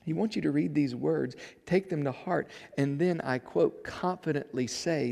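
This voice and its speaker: A man preaching a sermon, moving between soft passages and loud emphatic build-ups. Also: on the high side, moderate pace, vocal fry, few pauses, long reverb tail. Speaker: pastor.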